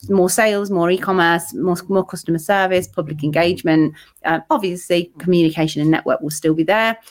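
A woman's voice: lowish voice, a little fast. A woman co-hosting a podcast, talking casually and counting through her points. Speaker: podcast co-host. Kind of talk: casual chat.

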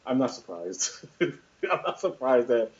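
A man's voice: medium pitch, sing-song, a little slow. A man chatting casually about films on a podcast, rambling with lots of fillers and restarts. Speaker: podcast co-host discussing films. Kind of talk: casual chat. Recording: dull lo-fi sound.

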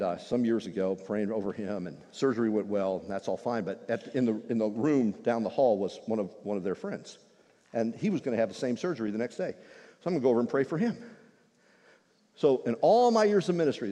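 A male pastor delivers a sermon in a husky voice that swings widely in pitch. He preaches in a lively, conversational way, mixing humor into his message. His voice rings with a long reverb in a large church hall. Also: quick pace. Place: church sanctuary.

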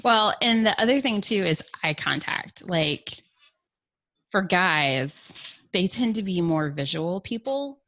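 A woman's voice: lowish voice, lively intonation, slow, fairly bright tone. A middle-aged woman from Kentucky with a Southern accent, chatting candidly and playfully as a podcast guest, often laughing. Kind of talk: frank casual chat.

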